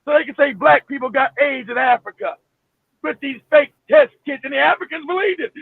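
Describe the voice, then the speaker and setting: A man with a very high, gravelly voice rants heatedly at his live-stream audience, swearing freely and breaking into shouts. The sound is narrow and phone-like, dry and close, with no room around it. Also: brisk, no echo. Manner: emphatic, profane, bursts into shouting; repeats himself, many restarts. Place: home in Florida.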